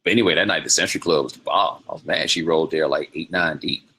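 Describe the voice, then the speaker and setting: Male host, very low but bright, forward voice; loose, digressive storyteller. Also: fast talker, slight background noise. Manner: rambling, loose, laughing, slangy. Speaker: podcast host. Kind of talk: casual storytelling monologue.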